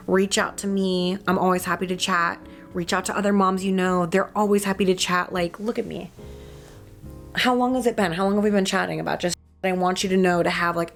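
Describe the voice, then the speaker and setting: A young adult woman, a mother, talking casually to her viewers in a candid, chatty way, filling her speech with "like" and the odd swear word. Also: lowish voice. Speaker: mom vlogger. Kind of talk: casual chat to camera.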